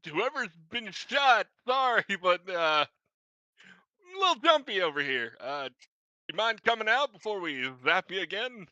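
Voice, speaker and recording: A man voices a jumpy adventurer in a tabletop game who keeps apologizing. The voice is high and very bright. He sounds nervous and eager to smooth things over. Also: big pitch swings, unhurried, no room sound, dull audio, heavily acted. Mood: apologetic.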